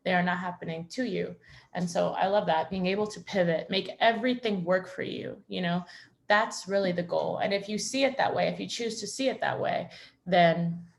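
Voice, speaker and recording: A woman with a fairly low, gravelly voice hosts a members' video call. She talks in a gentle, reflective and reassuring coaching manner. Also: moderate pace.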